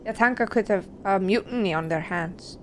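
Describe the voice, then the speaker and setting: A woman's voice: medium pitch, moderate pace, a little hiss or hum, lightly acted. A woman voicing a worried, secretive gang doctor from a video game, read aloud in her plain everyday voice.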